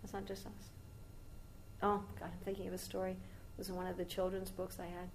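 A woman's voice: lowish voice, completely flat delivery, brisk, a little hiss or hum, rough recording. A woman giving a devotional talk as a spiritual teacher, telling a long story in a rambling, conversational way with asides to her listeners.

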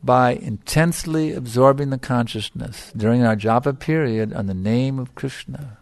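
Gravelly man giving an emphatic devotional talk. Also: medium pitch, moderate pace, no room sound. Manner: emphatic, repeats phrases for stress. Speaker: spiritual teacher. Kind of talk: devotional lecture.

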